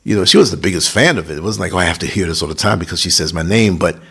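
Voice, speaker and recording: A man hosting a podcast, talking through a reflective monologue that grows animated when he recalls moments. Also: low-pitched, rapid-fire, creaky, husky. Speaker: podcast host. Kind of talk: casual monologue.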